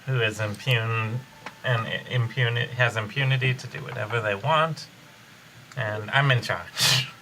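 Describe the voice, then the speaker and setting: A man's voice: mid-range voice, a little slow, heavy background noise. A man co-hosting a let's play, teasing his friend and laughing a lot. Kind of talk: casual gaming chat.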